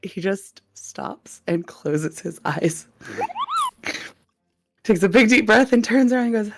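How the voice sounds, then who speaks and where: A woman playing her character in a tabletop game, playful and quick to laugh. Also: medium pitch, wildly swooping pitch, creaky, background noise. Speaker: player.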